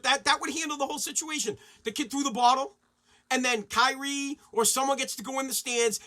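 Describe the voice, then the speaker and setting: A man in his forties rants on his podcast, swearing freely and breaking into loud bursts of outrage. His voice sits very high for a man. It has a bright, forceful edge. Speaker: podcast host. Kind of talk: profane ranting monologue.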